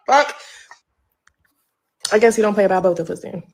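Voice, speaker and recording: A pregnant woman holds forth on her livestream, swearing freely and calling out critics in a confrontational drawl. Her voice sits a little high but carries a gravelly fry. She sounds like she is talking at home. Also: sing-song, normal speed, pauses often. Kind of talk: ranting livestream monologue.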